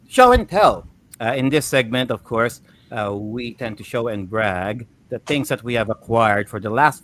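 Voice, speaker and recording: A man hosting a casual gaming livestream over a remote call. His pitch sits in an ordinary middle range, and he talks in a relaxed way, full of "uh"s and little laughs. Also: a little hiss or hum. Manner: relaxed, filler-heavy introductions with small laughs. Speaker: podcast host.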